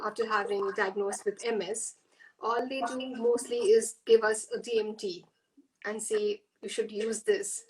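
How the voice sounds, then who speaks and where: Woman host on a live interview, fairly high voice, audible noise behind her, asks a considered question. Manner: brief affirmations, then a thoughtful question.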